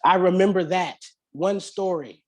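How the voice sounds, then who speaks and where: A man giving a guest sermon at a church service, telling stories with lively acted-out quotes and dropping into soft, slow reflection. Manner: animated storytelling with acted-out quotes; slows to soft, low-voiced reflection. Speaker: guest speaker.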